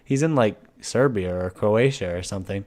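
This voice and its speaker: A man's voice: lowish voice, moderate pace. Laid-back man chatting on a podcast. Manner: relaxed, wandering, trails off into quiet asides. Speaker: podcast co-host. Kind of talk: casual chat.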